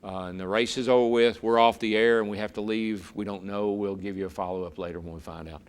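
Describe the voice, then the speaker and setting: Ex-racer, low-pitched, spins a long story for the interviewer, stumbling over words now and then. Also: male voice, fairly even intonation, fast, clean tone. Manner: vivid storyteller, repeats words when emotional. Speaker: interview guest, former racer turned broadcaster. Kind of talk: storytelling in a conversation.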